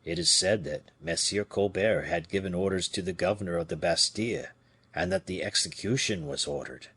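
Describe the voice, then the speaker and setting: A man voicing a humble, regretful royal falconer in an audiobook, speaking low and subdued in a confiding tone. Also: big pitch swings, normal speed, creaky, sharp tone, slightly rough, dry recording, full character voice.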